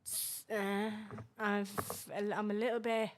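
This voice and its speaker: Irish woman co-host, mid-pitched, blunt, swears a lot, trails off. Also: level tone, slow pace. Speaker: podcast co-host. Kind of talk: casual chat.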